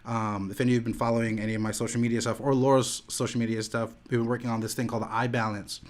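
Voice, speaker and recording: A man's voice: mid-range voice, little pitch movement, rapid-fire. Laid-back rambling young man. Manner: laid-back, rambling, heavy use of "like" and "dude". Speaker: streamer and podcast host. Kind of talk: casual chat on a live stream. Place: home room.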